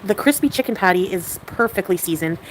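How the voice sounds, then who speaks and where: A woman talking casually to her livestream viewers at a middling pitch. She is excitable and laughs often, jumping quickly from one mood to another. A faint noise hums behind her. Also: poor audio.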